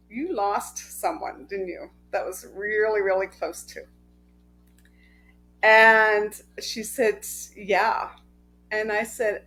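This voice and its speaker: A middle-aged woman energy healer telling personal stories in a casual, heartfelt way, with many pauses and a frequent "right?". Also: fairly high pitch, fairly bright tone, rough recording. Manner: slow, heartfelt, with many ums and rhetorical "right?". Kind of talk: casual storytelling to camera.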